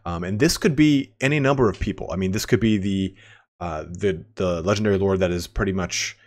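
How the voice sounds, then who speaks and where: A man's voice: sits low, brisk. A man giving casual, rambling game commentary, full of fillers and restarts. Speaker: gaming commentator.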